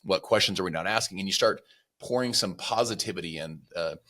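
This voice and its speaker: A man with a very deep voice that has a bright, forceful edge, talking as a podcast guest. He tells motivational stories in an earnest way and puts on animated voices for the people he quotes. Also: fairly quick. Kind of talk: motivational storytelling.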